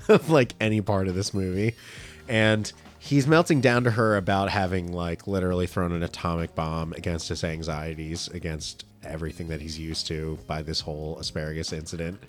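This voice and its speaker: A young adult man co-hosting a casual film podcast, telling stories and acting out movie quotes. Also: deep voice. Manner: animated storyteller, acts out quotes loudly. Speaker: podcast co-host.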